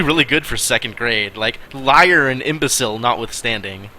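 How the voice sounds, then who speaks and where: A man streaming a game, musing aloud in casual commentary with wry asides and quiet mutters. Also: mid-range voice, moderate pace, few pauses.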